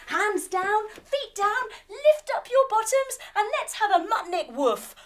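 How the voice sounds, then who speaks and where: Woman teacher telling a kids yoga story, slow and sing-songy, full of sound effects. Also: very high-pitched. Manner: animated, with sound effects and instructions. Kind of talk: storytelling kids' yoga lesson.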